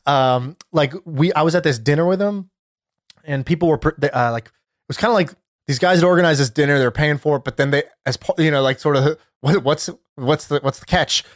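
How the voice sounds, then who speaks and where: A man co-hosting a podcast, telling a story in casual chat, lively and full of fillers like "like" and "you know". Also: fairly high pitch, fairly quick, no echo, studio quality. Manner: animated storyteller, many fillers, laughs while telling. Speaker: podcast co-host.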